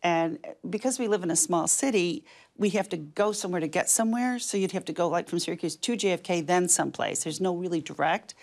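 An older woman, a guest in an interview, telling lively stories full of quick asides. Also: lowish voice, gravelly. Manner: lively, fast-moving anecdotes with quick asides. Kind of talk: animated storytelling.

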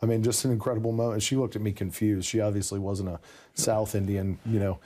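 In a casual conversation, a man tells the story of his conversion, animated and laughing often. His voice sits on the low side and he talks fast.

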